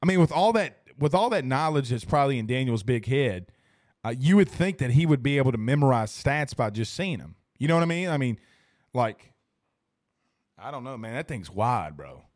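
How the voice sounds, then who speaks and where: A man's voice: medium pitch, sing-song, normal speed, a little mellow, no room sound, studio quality. A man hosting a casual sports talk livestream, reading chat comments and rambling emphatically with repeated phrases. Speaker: host reading live chat. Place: studio.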